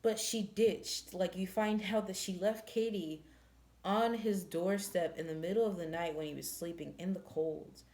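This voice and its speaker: Low gravelly woman, blunt and profane. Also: steady tone, normal speed, a little mellow. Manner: blunt, profane, exasperated storytelling. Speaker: book reviewer. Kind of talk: casual book review chat.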